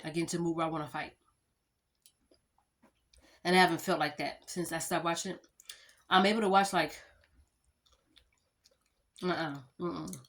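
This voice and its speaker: A woman in her thirties chatting casually to her viewers, rambling through storytime anecdotes and addressing them as y'all. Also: on the low side. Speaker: vlogger.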